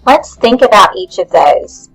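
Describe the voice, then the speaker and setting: A woman teacher speaking very slowly and patiently, asking young children questions one at a time. Soft music plays faintly in the background. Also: mid-range voice, lively intonation, husky, low-quality recording. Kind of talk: guided lesson for young children.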